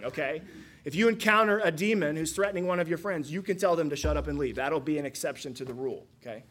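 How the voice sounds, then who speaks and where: A man's voice: a little high, a bit bright, breathy edge. A man, a pastor, preaching a sermon with energy and frequent rhetorical questions.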